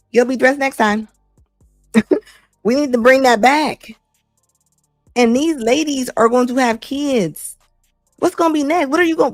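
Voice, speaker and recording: Blunt, animated woman commentator. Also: high-pitched, no room sound, clean studio sound. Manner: blunt, animated, laughs often. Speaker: host. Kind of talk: casual opinion commentary.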